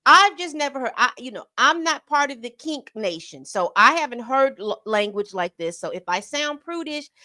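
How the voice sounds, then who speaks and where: A woman co-hosting a casual commentary stream, reading statements aloud and leaping high in pitch when incredulous. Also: animated, pushed and bright, no room sound, clean studio sound. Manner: reads statements aloud with pauses. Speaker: co-host. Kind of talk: casual commentary on a news story. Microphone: streaming setup mic.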